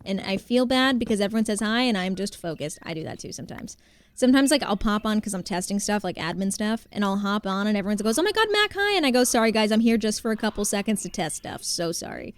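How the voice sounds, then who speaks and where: A woman's voice: medium pitch, fast talker, dry recording. A woman streaming a game live, chatting casually, laughing often and answering her chat as she plays.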